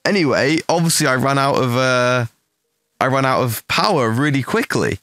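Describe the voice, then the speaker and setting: A man's voice: medium pitch, moderate pace, no echo, studio quality. A young man casually telling a rambling, profane story to his stream, acting out the lines of the people in it. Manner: profane, animated anecdote with acted-out quotes.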